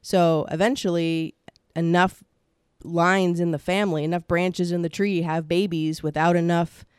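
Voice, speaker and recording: A woman's voice: fairly low pitch, level tone, measured pace, smooth, dry recording, clean studio sound. A woman co-hosting a casual podcast who rambles, jokes about herself and often searches for the right word. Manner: rambling, self-deprecating, searches for words. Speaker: podcast co-host.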